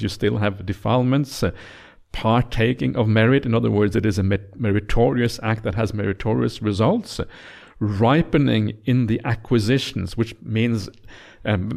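A man, a Buddhist monk, giving a dharma talk at a meditation retreat, explaining slowly with frequent "uh"s and checking "yeah?". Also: lowish voice, gravelly, darkish tone.

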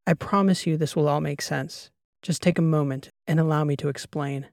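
Man voicing a calm guarded woman captain, soft measured delivery, dry close sound. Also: on the high side, creaky, no echo. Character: calm female starship captain, guarded and apologetic.

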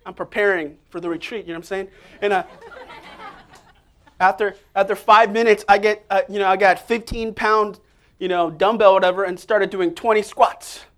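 A man preaching an energetic sermon, prompting listeners to repeat phrases to each other. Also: sits high, moderate pace. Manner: energetic, call-and-response prompts to the congregation.

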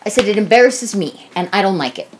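A woman's voice: mid-range voice, animated, quick pace, a little hiss or hum. A woman telling a casual personal story, rambling and swearing freely, acting out quoted dialogue as she goes.

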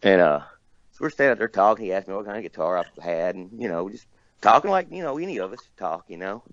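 A man's voice: on the low side, animated, quick pace, dry recording, lo-fi sound. A man from near Nashville, casually telling a rambling story as a guest, cussing and laughing often. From Tennessee, near Nashville.

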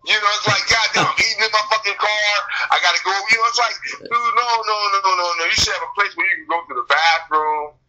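Casual male talker, high and very bright, profane animated storyteller. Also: fast talker, dull audio. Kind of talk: casual chat.

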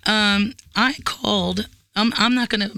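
A woman in her forties telling a story on a podcast in casual, animated, profane talk, acting out what others said. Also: medium pitch, a little slow, creaky. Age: 40s. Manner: animated, profane, acts out quotes. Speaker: guest.

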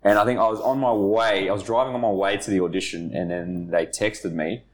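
A man's voice: lowish voice, fairly even intonation, fairly quick. A man telling stories in casual podcast chat, laughing at himself and swearing casually. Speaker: podcast co-host. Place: studio.

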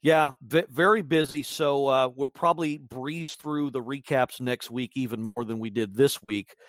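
A man hosts a casual sports podcast, rambling and wry with lots of fillers. His mid-range voice has a fairly bright tone and a moderate pace, captured in a dry recording with clean studio sound.

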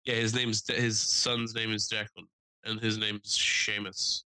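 A young man co-hosting a podcast, telling animated stories with lots of swearing, acting out quotes in a raised voice. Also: on the low side, unhurried, no echo, low-quality recording. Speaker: podcast co-host. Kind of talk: casual storytelling chat.

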